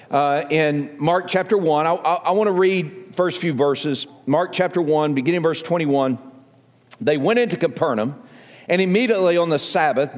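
Older Southern pastor preaching in a hall. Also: male voice, on the high side. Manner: earnest, repeats phrases, rises to emphatic appeals. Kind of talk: sermon. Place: church sanctuary.

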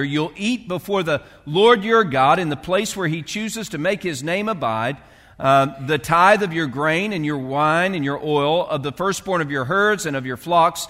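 A man's voice: fairly high pitch, fairly bright tone, in a large hall. A male pastor preaching a sermon in a loose, conversational way, with fillers and restarts as he reads and explains scripture.

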